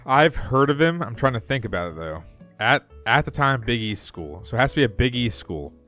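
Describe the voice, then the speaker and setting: A man's voice: mid-range voice, big pitch swings, brisk, sharp tone, faint music behind. A man co-hosting a podcast, reading trivia questions aloud in casual chat and laughing often. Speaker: podcast co-host.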